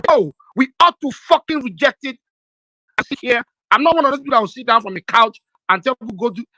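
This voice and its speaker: A man's voice: very high-pitched, fast talker, bright, forceful tone, no room sound, low-quality recording. A young Nigerian man with a Nigerian accent, hosting a live audio chat room and arguing with emotion and force. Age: young adult. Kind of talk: heated live debate.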